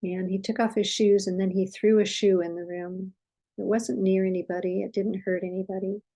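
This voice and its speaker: An older woman speaks with a gentle, soothing calm. Her voice is mellow and warm, and her pitch stays steady and even. She explains without hurry and drops into soft, reassuring tones. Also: moderate pace, rough recording. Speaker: parenting expert guest. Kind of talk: conversational explaining with a story.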